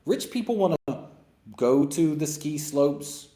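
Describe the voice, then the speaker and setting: A man's voice: fairly high pitch, animated, unhurried, dark tone, echoey room. A man hosting a question-and-answer session, giving blunt, emphatic and sarcastic opinions. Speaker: host answering viewer questions. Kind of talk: opinionated monologue.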